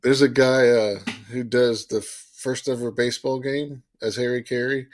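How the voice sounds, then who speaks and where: A man co-hosts a podcast in relaxed, casual conversation. He is reserved and laughs easily. His voice sits at a plain middle pitch. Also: moderate pace, few pauses. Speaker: podcast co-host.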